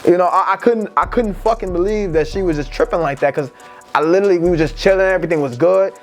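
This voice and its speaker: A man with an American accent, telling a story in a casual, profane and animated vlog. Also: high voice, fast talker, soft background music. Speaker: vlogger.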